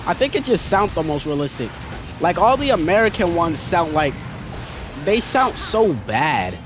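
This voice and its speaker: A man's voice: on the high side, very animated, moderate pace, noisy background. A young man chatting casually with viewers while playing a game, in a slangy, talkative way. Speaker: gaming streamer. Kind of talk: casual gameplay commentary. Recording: game music playing behind.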